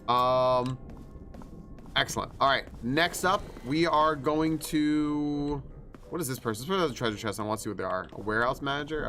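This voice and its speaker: A man's voice: mid-range voice, fairly bright tone. A man streaming a video game, chatting casually and thinking aloud with lots of fillers. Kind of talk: casual live-stream commentary. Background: game music.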